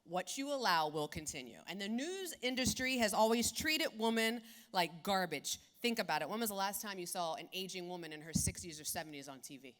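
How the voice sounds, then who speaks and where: Woman, 40s, keynote storyteller, bright forceful tone, punchy and profane. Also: medium pitch, brisk, hardly any pauses. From South Philadelphia. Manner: animated, blunt and profane. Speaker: keynote speaker.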